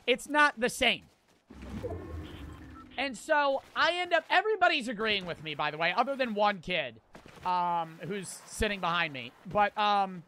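A man's voice: high voice, pushed and bright, slight background noise. A man in his twenties streaming a game, telling a rambling story between profane trash talk. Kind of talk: casual storytelling while gaming.

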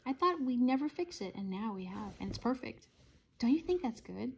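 A woman's voice: fairly high pitch, very animated, normal speed, creaky, slight background noise. A woman reading aloud, voicing a chatty, cheerful little girl. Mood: earnest.

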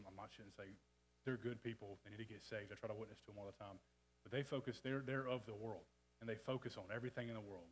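A man's voice: medium pitch, husky, low-quality recording. A man preaching a casual, folksy sermon in a church, with frequent restarts and asides. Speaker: church speaker. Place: church sanctuary.

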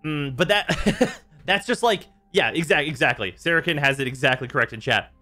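Guy ranting on his game stream, bright tone, swears a lot, light music under. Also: on the high side, normal speed. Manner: exasperated, swearing, animated rants. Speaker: streamer host. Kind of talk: casual gaming stream chat.

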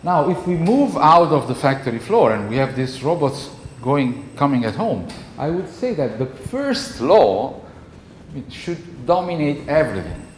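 A man's voice: on the high side, sing-song, unhurried. Man, Italian accent, professor, lecture, echoey hall, faint background hiss. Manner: conversational, checks in with "okay?" often. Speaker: university professor. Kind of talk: classroom lecture.

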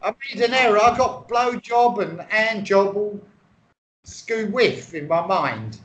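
A man's voice: sits high, lively intonation, measured pace, fairly bright tone. An English man in silly comedy banter, playful and giggly, getting muddled.

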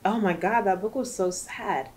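A woman's voice: medium pitch, normal speed, a little mellow. A woman reviewing a book in casual chat, chatty and emotional, rambling with lots of fillers.

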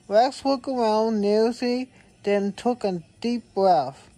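A woman reading a children's picture book aloud, in a slow, halting way with small stumbles. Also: on the high side, mellow. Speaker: reader.

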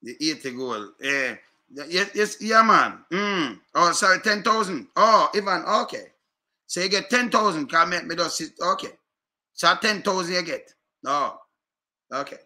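A man with a Jamaican accent speaks in a bright, cutting tone, sitting a little higher than most men. He rants casually at his viewers, circling back over the same points and throwing out rhetorical questions. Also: expressive, unhurried. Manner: repetitive, fired-up, rhetorical questions. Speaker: commentator.

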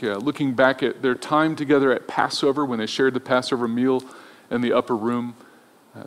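A man preaching an Easter sermon as pastor, in a relaxed, conversational way. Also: medium pitch, in a large hall. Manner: conversational, acts out voices in retold scenes.

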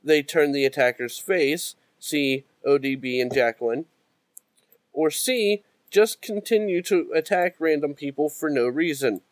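A man's voice: on the high side, measured pace, dry recording. A man co-hosting a casual podcast, making an argument point by point. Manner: argumentative, lists his points. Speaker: podcast co-host.

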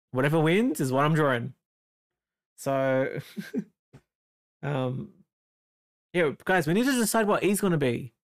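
An artist with an Australian accent chatting casually with a livestream chat while drawing, with bursts of excitement when reading chat and quiet muttering while working. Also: medium pitch. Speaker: artist streaming a drawing session.

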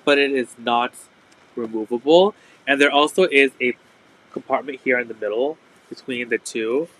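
Bright-voiced chatty man selling bags. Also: medium pitch, low-quality recording. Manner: chatty, full of "like" fillers. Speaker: host of a live resale stream. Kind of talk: casual live sales chat.

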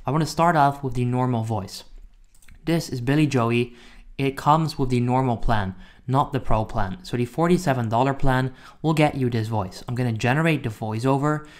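A man talks through a software tutorial in a relaxed, conversational way, with a voice of middle pitch. He often stops to correct himself mid-sentence. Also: normal speed. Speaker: software reviewer. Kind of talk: casual screen-recorded tutorial.

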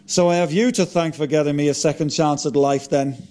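A man's voice: on the high side, steady tone, brisk, mellow, close to an everyday voice. A man doing a rueful impression of a famous singer. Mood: downbeat. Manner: dry, self-mocking quips. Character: resurrected famous singer, male musician, rueful and wry.

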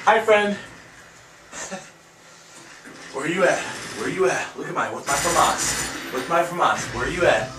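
An excitable young man talks over his gameplay, with a high, lively voice that jumps into loud trash-talk. He sits back from the mic in an echoey room at home, and noise is clear behind him. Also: takes it slowly, long pauses, far from the mic. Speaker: gaming YouTuber. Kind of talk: gameplay reaction commentary.

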